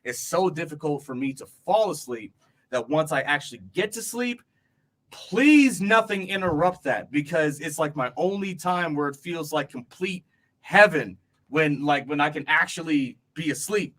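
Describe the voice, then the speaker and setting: A man's voice: a little high, expressive, normal speed, fairly bright tone. Rambling podcast co-host man. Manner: rambling, lots of "like" and "bro", laughs easily. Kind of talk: casual chat.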